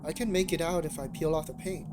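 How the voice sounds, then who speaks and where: A man reading the lines of a calm, unsettling young woman from a game in a soft, deadpan way. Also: fairly high pitch, quick pace, natural voice. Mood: curious. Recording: steady background noise.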